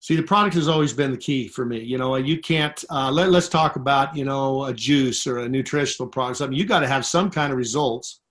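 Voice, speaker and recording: A man's voice: mid-range voice, a little fast, hardly any pauses, a bit bright. A man on a conference call giving an emphatic, repetitive motivational pep talk to network marketing distributors. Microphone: phone call.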